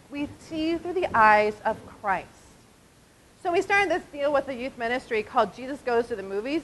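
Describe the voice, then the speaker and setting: A woman in her forties, a diaconal minister, giving an animated conversational talk at a church conference. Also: sits high, slight background noise, low-quality recording. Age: 40s. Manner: animated and conversational, often asking "right?". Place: conference hall.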